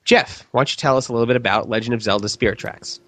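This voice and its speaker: A man's voice: medium pitch, quick pace, pushed and bright. A man with a cold hosting a casual games podcast, with jokey, upbeat patter. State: sick with a cold. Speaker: podcast host.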